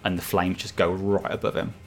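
A man's voice: low-pitched, flat delivery, brisk, soft background music. A man narrating as dungeon master in loose, filler-heavy descriptions. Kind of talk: narrating a tabletop game.

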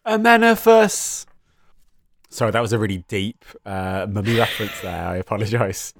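A man's voice: lowish voice, fairly even intonation, a little fast, creaky, a crowd in the background. A man playing a tabletop game, wry and self-mocking. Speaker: player. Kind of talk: tabletop role-play chat.

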